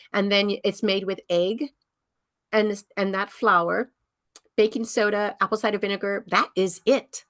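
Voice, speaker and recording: A woman's voice: medium pitch, a bit bright, no room sound, studio quality. A woman over fifty, a health coach giving a casual workshop talk, chatty and rambling with many ums and restarts.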